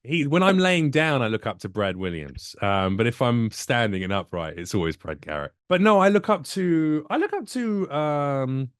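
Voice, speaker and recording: A man's voice: mid-range voice, normal speed, hardly any pauses, clean tone, dry recording, clean studio sound. A man from the UK, a comedian telling jokey stories in a casual chat and acting out the people in them. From United Kingdom. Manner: animated, jokey, acts out voices in his stories. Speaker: comedian guest.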